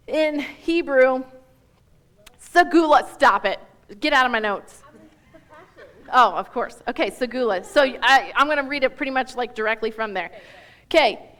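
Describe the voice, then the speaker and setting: Woman speaker teaching scripture, high-pitched and chatty, emphatic. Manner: animated, emphatic, chatty with self-interruptions. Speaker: guest speaker. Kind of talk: church Bible teaching.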